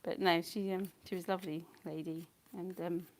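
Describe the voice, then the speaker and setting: Chatty woman painting, gravelly voice. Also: lowish voice, fairly even intonation, fairly quick, slight background noise. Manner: chatty, rambling, often drifting into soft whispers and giggles. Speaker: painting channel host. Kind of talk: casual chat while painting.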